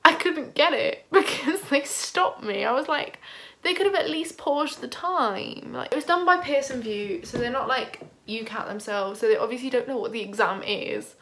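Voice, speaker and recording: A young woman vlogging, casually retelling a stressful experience in an animated way, full of "like" and acted-out quotes. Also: medium pitch, a little hiss or hum. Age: young adult. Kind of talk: casual storytelling vlog.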